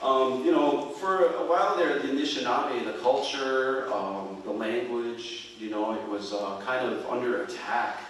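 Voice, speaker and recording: A man's voice: medium pitch, fairly bright tone, slight background noise. A man telling stories on stage in a folksy, chuckling way, heard from a distance in a large, echoing hall. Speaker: storyteller and musician. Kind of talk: live stage storytelling. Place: performing arts center stage. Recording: echoey hall from far off.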